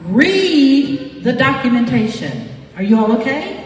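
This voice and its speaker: A woman's voice: sits high, very animated, unhurried, dull audio. A woman giving a seminar talk to a live audience, preachy and often asking the crowd questions. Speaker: seminar speaker. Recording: echoey hall, voice picked up from far off.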